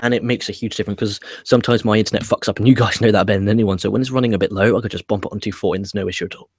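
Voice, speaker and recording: Low-voiced chatty male live-streamer. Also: fairly even intonation, rapid-fire, no echo, studio quality. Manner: chatty, swears casually, rambling restarts. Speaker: wrestling review show host. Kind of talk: casual live-stream chat. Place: home setup with laptop.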